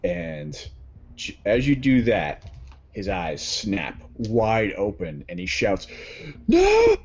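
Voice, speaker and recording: A man running a tabletop role-playing game as game master, narrating scenes in a calm, measured way. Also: fairly low pitch, vocal fry, slightly rough, lo-fi sound.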